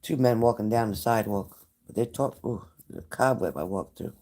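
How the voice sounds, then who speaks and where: Lowish and mellow, this man's voice is animated and moves at a normal pace. Indoors at home next to a glass sliding door, the psychic tarot reader gives a casual live-streamed reading, addressing a viewer directly and breaking off for chatty asides.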